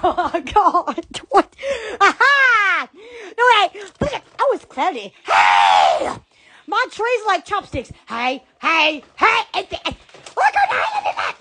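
A woman with a very high-pitched voice hosts a rambling live stream. She's giddy and laughing constantly, breaking out in sudden shouts and squeals.

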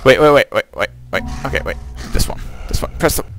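A man's voice: mid-range voice, expressive, fast, fairly bright tone, a little hiss or hum. A man doing let's play commentary, goofy and joking, talking back to the enemies on screen. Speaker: gameplay commentator.

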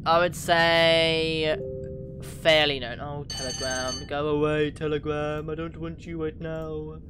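A man's voice: on the high side, takes it slowly, music in the background. Chatty young-sounding man streaming a game. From United Kingdom. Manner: chatty, reads out chat names, bursts of excitement. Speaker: live streamer. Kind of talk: casual gaming livestream chat.

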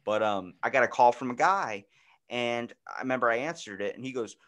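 A man hosting a podcast in casual chat, telling stories with lively acted-out voices and plenty of swearing. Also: medium pitch, a little fast. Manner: animated storyteller acting out voices, swears freely. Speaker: podcast host.

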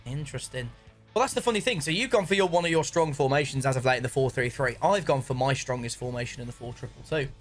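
A man's voice: mid-range voice, fast, soft background music. A man hosting a casual football video game chat, jokey and calling his guest "mate". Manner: chatty, jokey, says "mate" a lot. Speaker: gaming channel host.

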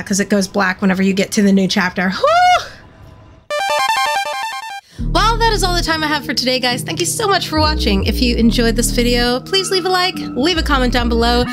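A young woman playing a horror game for her channel, panicking and narrating her moves as she goes. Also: high voice. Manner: panicky, yelling reactions. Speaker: gaming channel host. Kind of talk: let's play commentary. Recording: game music behind voice. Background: game music.

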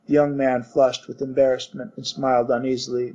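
A man narrating a literary story in a measured reading voice. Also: mid-range voice, little pitch movement, warm tone, breathy edge. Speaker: audiobook narrator. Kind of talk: scripted narration. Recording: dull muffled recording.

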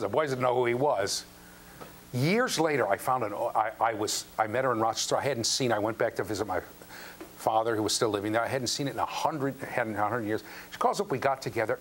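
Older guy giving a college lecture, tells stories, acts out voices, lots of "okay? right?", pitch bouncing all over. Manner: animated storyteller, acts out quotes, asks the class questions. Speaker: university lecturer. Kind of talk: classroom lecture with anecdotes. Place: lecture hall. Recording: faint background noise and hum.

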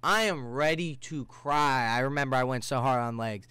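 A man hosting a solo podcast, ranting in a rambling, profane way that swings from low mutters to heated outbursts. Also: moderate pace, sharp tone, smooth, no echo. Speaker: podcast host. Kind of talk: casual solo podcast rant.

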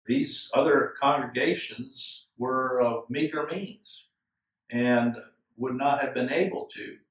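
A male pastor giving an earnest, measured sermon with slow, emphatic phrases. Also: mid-range voice. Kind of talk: expository sermon. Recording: echoey room, from far off.

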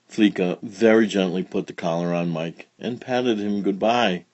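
A man reading a children's picture book aloud in a slow, expressive, gentle storytelling manner. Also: deep voice, dry recording. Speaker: storybook reader.

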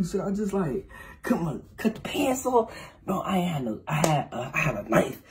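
A young man telling a story in a vlog, animated, acting out sounds and quotes. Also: fairly high pitch, normal speed, slight background noise. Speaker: vlogger.

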